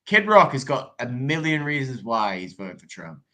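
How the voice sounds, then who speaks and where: A man chatting casually on a livestream, with a bright, tense voice. He often trips over his words and repeats himself. His pitch sits in the middle range. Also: sing-song, moderate pace.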